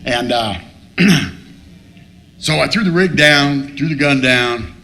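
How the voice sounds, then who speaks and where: A man in his fifties, speaking at a recovery meeting with a mid-range voice, tells his story with rough, cussing humor and laughs at himself. He talks into a stage microphone, and a faint room hum sits behind him. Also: mid-range voice, expressive, slow, bright, forceful tone. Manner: profane, joking storyteller who laughs at himself. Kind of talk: personal story told to a meeting. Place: meeting room with a live audience. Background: faint room noise and audience laughter.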